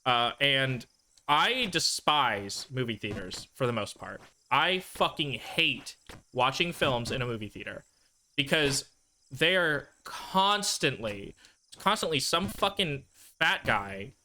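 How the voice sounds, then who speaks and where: A man's voice: mid-range voice, expressive, slow, pushed and bright, a little hiss or hum. A man streaming a video game, telling a rambling, profane story to his chat. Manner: profane, ranting, self-deprecating. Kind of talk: casual storytelling while gaming.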